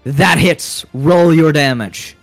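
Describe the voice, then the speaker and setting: A man narrating a tabletop game as game master, unhurried and hesitant with fillers. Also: fairly high pitch, dry recording, soft background music.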